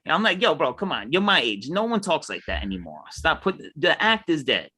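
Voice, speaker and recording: A man's voice: on the high side, very animated, fairly quick, bright, forceful tone, slightly rough. A man, co-hosting a casual show, ranting heatedly and mimicking other people. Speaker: podcast co-host. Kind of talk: casual chat.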